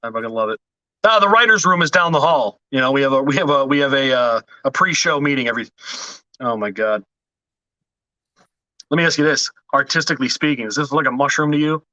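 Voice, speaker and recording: Profane, chatty man, bright tone. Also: mid-range voice, lively intonation, quick pace, no room sound, highs cut off. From Washington DC area. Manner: profane, laughing, rambling with restarts. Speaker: podcast host. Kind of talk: casual chat.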